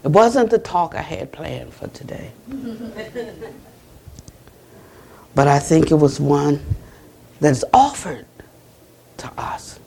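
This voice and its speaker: An American woman Buddhist teacher giving a conversational dharma talk at a retreat center, retelling conversations and closing with a soft blessing. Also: fairly low pitch, gravelly, breathy edge.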